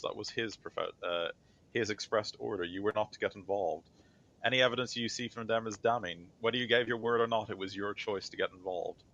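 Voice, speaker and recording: A man's voice: lowish voice, bright, forceful tone. A man voicing a cold, formal grand inquisitor. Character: stern male grand inquisitor presiding over a trial. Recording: slightly dull lo-fi mic.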